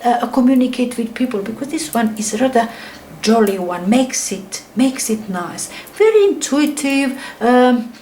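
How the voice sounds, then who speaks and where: A woman's voice: fairly high pitch, animated, a little slow, warm tone, a little hiss or hum, poor audio. A middle-aged woman giving a casual tarot reading in non-native English, rambling and enthusiastic, her phrases often sinking to a near whisper. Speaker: tarot reader.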